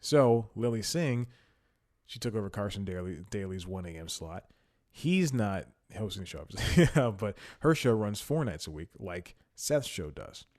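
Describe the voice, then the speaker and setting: Male solo podcast host, slightly low voice, loose rambling delivery with chuckles, a bit winded. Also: very animated, moderate pace, a little mellow. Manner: rambling, self-mocking, chuckles often. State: slightly out of breath. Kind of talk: casual solo podcast chat. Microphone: headphones and studio mic.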